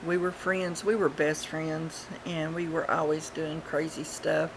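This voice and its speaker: Rambling older woman, lowish voice. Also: flat delivery, noisy background. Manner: rambling, unhurried, many fillers. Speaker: vlogger. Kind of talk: casual storytelling. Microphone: webcam.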